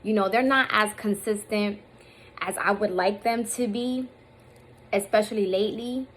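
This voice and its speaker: Her medium-pitched voice moves at a normal pace as she, a woman in her thirties, speaks candidly into her own phone or camera. There's a slight hiss or hum in the rough recording; she rambles, fills pauses, and at times comes close to tears.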